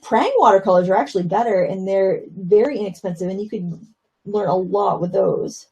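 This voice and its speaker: A middle-aged woman leads a live watercolor lesson, explaining casually as she paints. Her voice is mellow and a little gravelly, and she talks in a chatty way with plenty of fillers. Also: medium pitch, normal speed, poor audio. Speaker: watercolor instructor.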